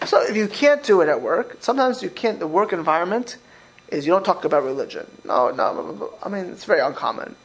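A man's voice: sits high, animated, a little fast, low-quality recording. A man teaching a religious class as a rabbi, talking informally, repeating words and acting out quoted speech as he questions his listeners.

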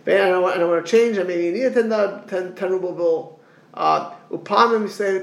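Guy teaching a lively religious class, gravelly voice, roomy echo on it. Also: high-pitched. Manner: lively, acts out reluctant people in quick asides. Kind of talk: animated lecture.

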